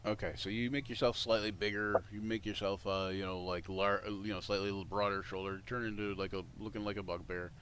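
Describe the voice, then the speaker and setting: A man's voice: lowish voice, level tone, fairly quick, few pauses, a bit bright, slight background noise. A man running a tabletop game as game master, rambling with many restarts and fillers.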